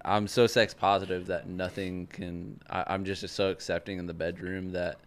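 A man's voice: low-pitched, little pitch movement, moderate pace. Laughing, foul-mouthed young man. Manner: laughs often, swears freely. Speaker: podcast co-host. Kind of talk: crude casual banter.

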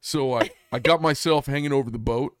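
A man's voice: medium pitch, brisk, no room sound, clean studio sound. Rambling male host from Arizona. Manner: rambling, filler-heavy storyteller. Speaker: podcast host. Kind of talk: casual storytelling chat. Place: studio.

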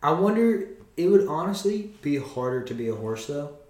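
A man's voice: on the high side, very animated, normal speed, darkish tone. Young man telling a story animatedly. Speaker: podcast co-host. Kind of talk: casual chat. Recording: roomy echo.

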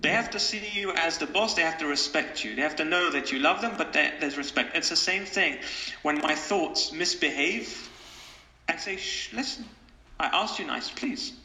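A man giving advice as an interview guest, animated and repetitive, often acting out quoted voices. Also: on the high side, normal speed. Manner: animated, acts out quoted voices, repeats phrases. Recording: echoey room with long reverb.

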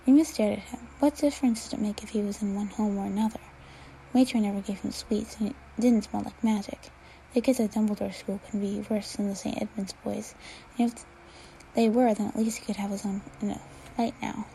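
A woman reading fan fiction aloud at an unhurried pace, dropping to a whisper now and then. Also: mid-range voice, fairly even intonation, gravelly, dark tone, slight background noise, poor audio. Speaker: reader.

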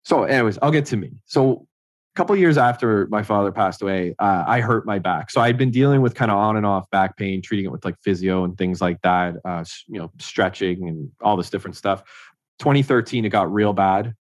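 A man in his thirties, speaking as an interview guest in a relaxed, chatty storytelling way. His voice sits on the low side and sounds dry and close, with no room echo. He slips easily into acting out what other people said, peppering his talk with "like". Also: a little fast. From Ontario, Canada. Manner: conversational, acts out others' lines, frequent "like". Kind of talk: casual personal storytelling.

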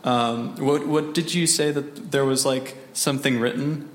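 Man telling a halting story in an echoey hall. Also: medium pitch, fairly even intonation. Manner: halting, lots of fillers and restarts, laughs often. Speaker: church member sharing a mission trip story. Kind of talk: casual storytelling testimony. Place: church hall.

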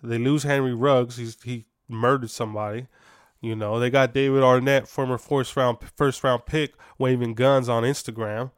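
A man's voice: mid-range voice, fairly even intonation, normal speed, clear, resonant tone, no room sound, clean studio sound. A man hosting a sports podcast, giving casual, opinionated takes with lots of fillers and restarts.

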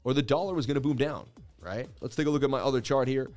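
A man's voice: mid-range voice, quick pace, darkish tone, faint music behind. A man in his thirties hosting a crypto trading livestream, rambling through charts in casual chat and laughing at his own jokes.

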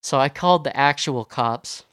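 A man's voice: medium pitch, moderate pace, clear, resonant tone, dry recording, clean studio sound. A young man telling a story in a casual, profane rant full of fillers. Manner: profane, animated, many fillers.

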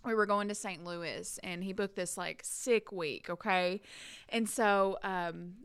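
A woman, co-hosting a podcast and telling stories in a casual, animated way, laughing and building to loud peaks. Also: medium pitch, takes it slowly, smooth. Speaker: podcast co-host. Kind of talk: casual storytelling chat.

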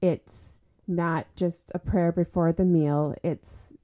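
Woman, 30s, podcast guest; mellow, lowish voice, earnest and chatty. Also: steady tone, slow, no echo. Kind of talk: casual chat.

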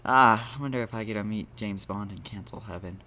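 A man's voice: lowish voice, fairly quick, pushed and bright, slight background noise. A man hosting a casual solo podcast, rambling and joking at his own expense. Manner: rambling, self-deprecating, jokey. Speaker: podcast host.

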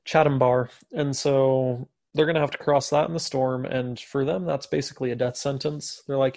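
A man's voice: mid-range voice, fairly even intonation, normal speed, gravelly, few pauses, a little mellow, dry recording. A man co-hosting a podcast, retelling a story in casual chat with jokey, sarcastic asides. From USA. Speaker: podcast co-host.

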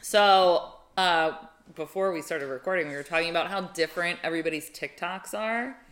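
A woman's voice: lowish voice, moderate pace, a bit bright, roomy sound. A woman co-hosting a podcast, chatting casually and joking, laughing often. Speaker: podcast co-host. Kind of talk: casual chat.

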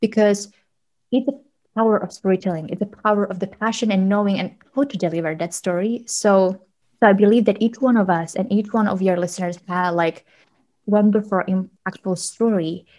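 A woman working in media, a guest telling animated stories with frequent laughs and fillers in a casual interview. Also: mid-range voice, normal speed, rough recording. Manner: animated storyteller, laughs often, many fillers.

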